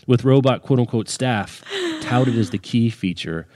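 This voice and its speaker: A man co-hosting a podcast in casual chat, joking and rambling with quick restarts. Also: mid-range voice, warm tone. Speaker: podcast co-host.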